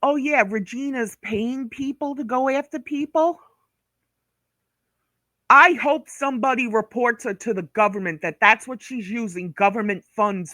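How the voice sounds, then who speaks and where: A woman's voice: fairly high pitch, sharp tone, dry recording, clean studio sound. A woman from Brooklyn, ranting on a commentary vlog, blunt, profane and scolding. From Brooklyn, New York. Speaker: vlogger.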